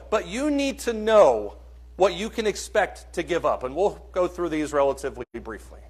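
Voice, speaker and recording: A man preaching a sermon in a church, earnest and questioning, swinging between soft and loud. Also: high voice, animated, fast.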